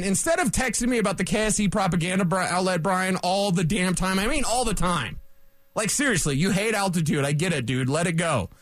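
Fired-up high-voiced sports radio man. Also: dry recording, clean studio sound. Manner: fired up, loud and rambling, sarcastic asides. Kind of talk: solo sports talk radio rant.

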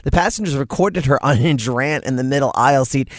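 An energetic man co-hosting a morning radio show, telling news stories in a relaxed, chatty way. His voice is mid-pitched and sits in a dry, close studio sound. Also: a little fast, no room sound. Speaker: radio host.

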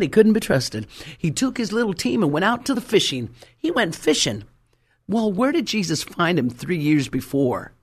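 Husky-voiced fervent male preacher. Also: fairly high pitch. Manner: fervent, storytelling, rhyming emphasis. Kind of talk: sermon.

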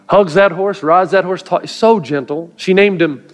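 A middle-aged man preaches to his congregation in a slightly higher voice, telling stories with earnest, plainspoken conviction and moments of light humor. Soft guitar music plays faintly underneath. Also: unhurried. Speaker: pastor. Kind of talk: sermon. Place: church before a live congregation.

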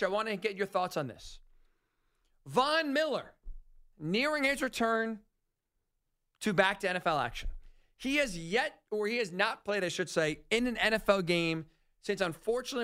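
A man hosting sports talk radio, ranting in an animated, sarcastic monologue about football decisions. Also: sits high, normal speed, smooth.

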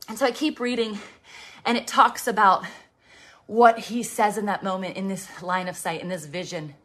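A woman's voice: medium pitch, normal speed, a bit bright. A woman, out of breath as she pedals an exercise bike, preaching with passion and often dropping to a whisper. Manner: passionate, fervent, dips into whispers. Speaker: preacher and fitness host. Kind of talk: devotional preaching while riding an exercise bike.

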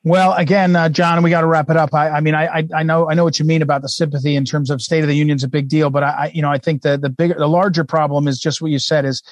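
A man hosting a talk radio show, talking fast and rambling with many fillers and restarts. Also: a little high, flat delivery, no echo. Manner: rapid, rambling delivery full of fillers and repeated starts. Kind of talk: casual talk radio chat.

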